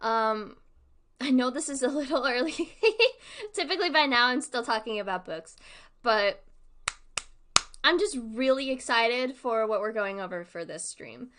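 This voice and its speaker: A young woman chats on her live stream in a bright, slightly high voice. She rambles from topic to topic and breaks into giggles often. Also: unhurried. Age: young adult. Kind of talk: casual live-stream chat.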